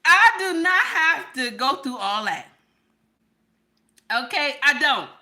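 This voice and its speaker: A woman giving animated casual commentary, repeating phrases, often asking "okay?", and breaking into laughter. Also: sits high, slow pace.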